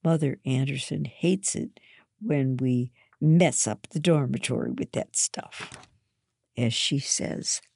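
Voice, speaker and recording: A narrator reading a first-person story aloud in a slow, measured way. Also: mid-range voice, gravelly, darkish tone, husky, dry recording, studio quality.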